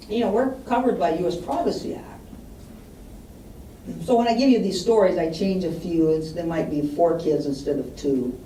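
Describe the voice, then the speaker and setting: A woman's voice: lowish voice, moderate pace, long pauses, dark tone, a little hiss or hum. Lady giving a talk, acts out the people in her stories, sounds far off in a big echoey room. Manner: storytelling, acts out quoted voices. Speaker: estate planning speaker. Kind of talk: public talk with anecdotes. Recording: distant mic in roomy hall, faint ambience.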